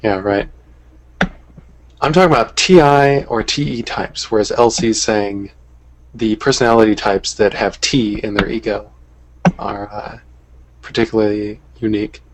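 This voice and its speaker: A man's voice: lowish voice, fairly even intonation, unhurried, long pauses, a little hiss or hum, poor audio. A man hosting a livestream in casual chat, rambling and teasing. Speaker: livestream host.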